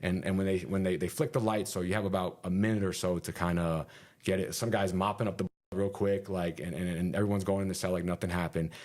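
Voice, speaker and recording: A man with a deep, low-pitched voice tells a story in a casual podcast interview. He talks with animated energy, fills his speech with "like" and punchy sound effects, and swears casually. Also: fast. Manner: animated, full of fillers and sound effects like "boom". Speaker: interview guest.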